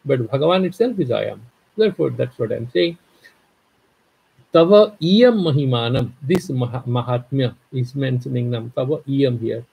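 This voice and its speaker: Husky, gravelly-voiced man teaching scripture. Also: medium pitch, lively intonation, moderate pace, mellow, poor audio. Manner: explains verse by verse, mixing Sanskrit and Hindi with English; playful, acts out little dialogues. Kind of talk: live scripture class.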